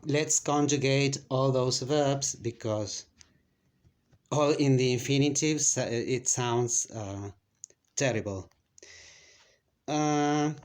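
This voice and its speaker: Slow-spoken male teacher. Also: medium pitch. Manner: unhurried, thinking aloud with many fillers and self-corrections. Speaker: Spanish teacher. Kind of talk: explaining a lesson, casual.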